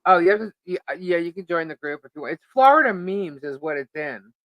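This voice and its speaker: A middle-aged woman co-hosting a live podcast, chatting casually and telling an animated story in which she acts out what people said. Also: fairly low pitch, fairly quick, dry recording, muffled recording. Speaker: podcast co-host.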